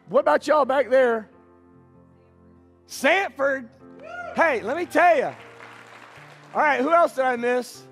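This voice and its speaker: A man's voice: very high voice, unhurried, pauses often, a bit bright, faint music behind. A male pastor preaching a sermon in a church sanctuary, bantering playfully with the congregation. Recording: reverberant church hall.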